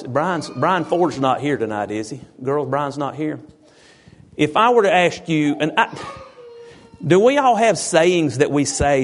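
Folksy high-voiced pastor. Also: male voice. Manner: folksy, teasing the congregation with questions. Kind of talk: informal sermon to a congregation.

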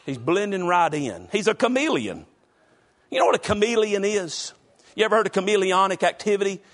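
A middle-aged male pastor with a North Carolina mountain accent, preaching a folksy sermon, calling out congregants by name and breaking into shouts. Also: sits high, very animated, brisk. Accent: North Carolina mountain Southern.

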